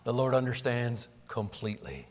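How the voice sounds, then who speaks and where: A man preaching a sermon, acting out the voices he quotes and swinging between loud emphatic lines and low hushed ones. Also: very animated, moderate pace. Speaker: pastor.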